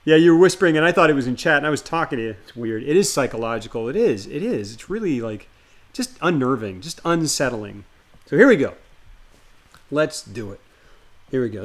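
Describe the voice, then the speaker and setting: A man's voice: medium pitch, animated, fairly quick. A man streaming live, chatting loosely with viewers and greeting them by name before reading a horror story aloud.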